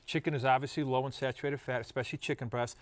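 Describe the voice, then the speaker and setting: A middle-aged man talks through a home recipe on a studio show. He is chatty and jokes, with frequent restarts. His voice sits at an ordinary mid pitch. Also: fairly even intonation, rapid-fire. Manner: chatty, joking, restarts often. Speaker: cooking segment co-host. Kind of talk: casual studio chat.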